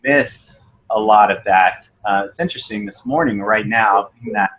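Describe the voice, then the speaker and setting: A man's voice: normal speed, rough recording. Man, podcast guest, casual storytelling, voices the people in his stories. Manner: storytelling, acts out dialogue with lively pitch jumps. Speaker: podcast guest, sales coach. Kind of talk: casual conversation.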